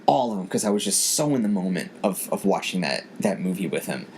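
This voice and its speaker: A man's voice: low-pitched, very animated, fast talker, a little mellow, slight background noise. A man hosting a podcast, telling a personal story in an earnest, emotional way and often repeating his words. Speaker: podcast host. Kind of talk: casual storytelling chat.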